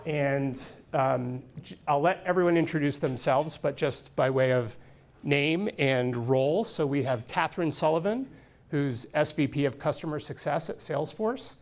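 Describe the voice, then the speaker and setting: A man's voice: on the high side, normal speed. A man from California hosting a live panel discussion on a conference stage, speaking steadily with frequent ums and restarts. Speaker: panel moderator. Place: conference stage before an audience.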